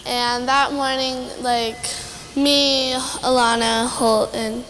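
A woman's voice: a little high, level tone, slow, fairly bright tone, long reverb tail, slight background noise, poor audio. A young woman answering onstage interview questions shyly and casually, with lots of fillers. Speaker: interview guest. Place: large arena stage.

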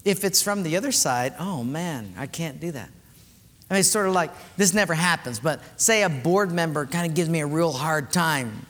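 A male pastor with a high, bright-pitched voice preaches in a church. He tells animated stories with playful sound effects. His voice carries a long, echoing reverb from the hall. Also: normal speed. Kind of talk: sermon.

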